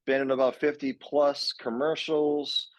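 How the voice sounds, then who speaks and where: A man's voice: medium pitch, level tone, unhurried, no echo. A man in his forties from Minnesota, a guest telling rambling stories about his acting and casting work in casual chat. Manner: rambling anecdotal storytelling. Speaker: guest, actor and session director.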